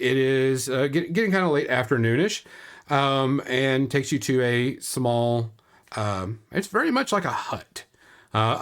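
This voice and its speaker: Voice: medium pitch, a bit bright. A game master narrating a tabletop game, rambling with frequent fillers. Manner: rambling narration with many fillers, laughs often.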